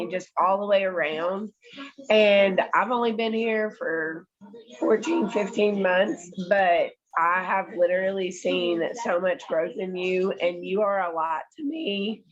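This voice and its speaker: A woman's voice: fairly low pitch, dull audio. A woman speaking earnestly and encouragingly to a friend in a support group, swearing casually. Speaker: group member. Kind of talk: heartfelt casual talk.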